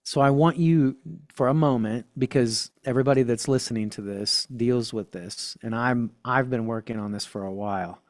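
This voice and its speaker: A man's voice: medium pitch, normal speed, dry recording, clean studio sound. A man guesting on a podcast, talking enthusiastically in casual conversation and stressing key words emphatically.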